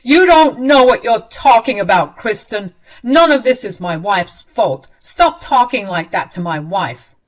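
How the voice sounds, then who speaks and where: A woman's voice: mid-range voice, very animated, moderate pace. A woman reading a firm, angry husband. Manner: firm, forceful. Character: angry protective husband and father.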